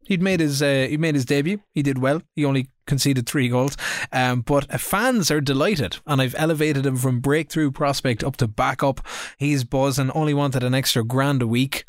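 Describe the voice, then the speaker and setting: A man's voice: mid-range voice, normal speed, dry recording, clean studio sound. A man co-hosting a podcast, teasing his co-host and reporting on his own game. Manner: teasing, lively. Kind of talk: casual gaming chat.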